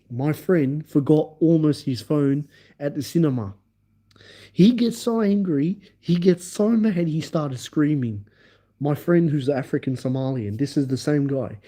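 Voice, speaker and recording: Excitable man rambling to livestream viewers. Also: fairly high pitch, measured pace. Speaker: livestream host. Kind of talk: casual storytelling on a livestream.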